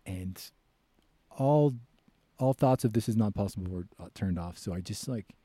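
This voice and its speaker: An American man, a podcast guest and author, telling a story in casual chat and loudly acting out the voices he quotes. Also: on the low side, moderate pace, husky, no echo. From United States.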